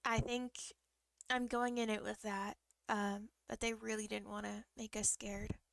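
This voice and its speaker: A woman's voice: medium pitch, flat delivery, unhurried, vocal fry, fairly bright tone, no echo. A woman streamer chatting casually as she tells a personal story, with frequent ums and bursts of laughter.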